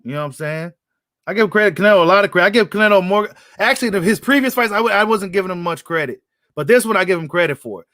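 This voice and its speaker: Hosting a casual boxing live stream, this man talks bluntly with plenty of slang and keeps repeating his points. His high voice is expressive and fast, with a fairly bright tone and clean studio sound free of any room noise.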